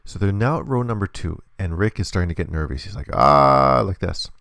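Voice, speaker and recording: A man's voice: low voice, quick pace, gravelly, no echo, clean studio sound. A man teaching a hands-on lesson, explaining patiently step by step. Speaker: instructor.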